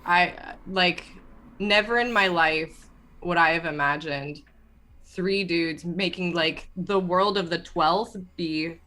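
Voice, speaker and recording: A woman in casual chat between tabletop game sessions, excitable and rambling, swearing freely. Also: fairly low pitch, takes it slowly. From Canada.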